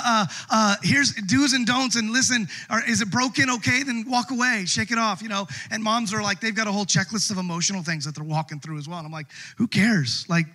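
A man's voice: high-pitched, sharp tone. A middle-aged man preaching a sermon to a church congregation, conversational and self-deprecating, with many restarts. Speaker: pastor. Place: church sanctuary.

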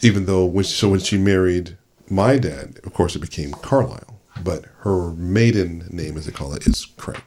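Man, low-pitched, chatty storytelling host who slips into quoted voices. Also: normal speed, a little mellow, a little hiss or hum. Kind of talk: family conversation, storytelling.

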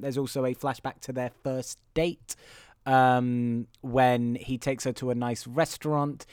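A man's voice: medium pitch, clean tone, no room sound, clean studio sound. A man co-hosting a podcast, casually recapping a film plot and acting out little quotes. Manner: chatty storyteller, acts out quotes. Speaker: podcast co-host.

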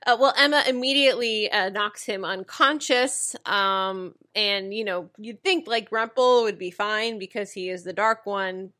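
A woman with a mid-range, bright, forceful voice talks a little slowly with few pauses. Co-hosting a casual podcast, she chattily recaps a TV episode, often restarting sentences and laughing as she goes.

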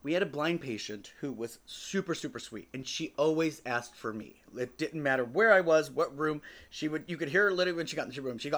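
A man's voice: fairly high pitch, lively intonation, brisk, a bit bright. A man in his forties who hosts a podcast, telling personal stories in a casual, joking way and swearing freely. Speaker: podcast host.

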